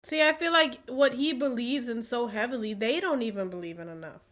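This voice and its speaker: Young woman, higher voice, casual film reaction, talks back to the screen. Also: a little fast, fairly bright tone. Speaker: reaction video host.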